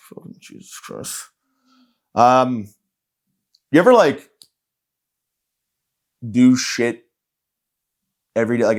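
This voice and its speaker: A man hosting a podcast, ranting in a profane, sarcastic, rambling comedic style. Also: medium pitch. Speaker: podcast host and stand-up comedian. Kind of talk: casual comedic rant.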